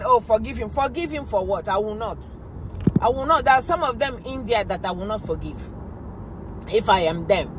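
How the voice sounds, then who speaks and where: A woman's voice: medium pitch, noisy background. A woman giving an impassioned reaction commentary, emphatic and repeating her points. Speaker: vlogger.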